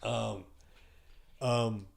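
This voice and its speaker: A man's voice: drawn-out words, gravelly. A man in his sixties telling a personal story as a podcast guest in a loose, chatty way, acting out the voices of people in it. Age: 60s. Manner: animated, acts out quoted dialogue with pitch jumps; loose and conversational, many fillers and asides. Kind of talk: casual storytelling.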